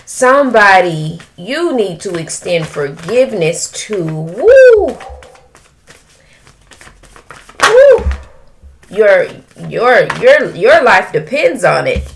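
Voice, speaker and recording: A woman giving an emotional tarot reading, breaking into drawn-out exclamations. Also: medium pitch, big pitch swings, a little hiss or hum. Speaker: tarot reader.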